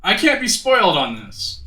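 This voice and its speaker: A man's voice: high-pitched, sharp tone. A man streaming a game live, chatting with his viewers, laughing often and tripping over his words. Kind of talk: live gameplay commentary. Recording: roomy room with game music behind.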